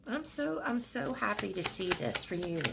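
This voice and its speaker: A middle-aged woman giving a pick-a-card tarot reading at her desk at home, speaking gently and emotionally, with soothing pauses. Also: mid-range voice, lively intonation, gravelly, very noisy.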